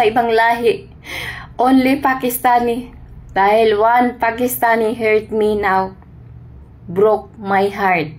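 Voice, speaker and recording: A Filipina overseas worker vlogs straight to camera with a Filipino accent, her voice on the high side. In broken English laced with Tagalog, she delivers an emotional, heartbroken monologue, pleading directly with a man who isn't there.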